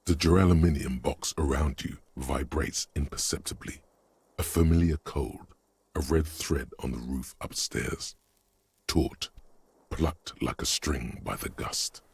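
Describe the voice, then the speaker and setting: A grave, very deep narrator. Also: male voice, slightly rough, dry recording, full character voice. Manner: slow, solemn, descriptive. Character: grave male narrator inside a detective's head. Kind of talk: video game narration.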